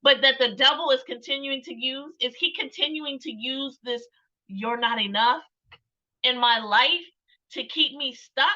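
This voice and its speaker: A woman's voice: high voice, normal speed, pushed and bright. A woman, a Christian counselor, giving an earnest, reflective faith talk, musing aloud, asking herself questions and often laughing. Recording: dull lo-fi sound.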